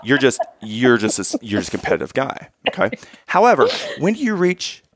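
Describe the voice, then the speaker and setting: Man, casual storyteller, animated, low and gravelly, dry close sound. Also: a little fast, dry recording. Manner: animated, keeps checking in with "okay?" and "right?"; acts out quoted lines in raised voice.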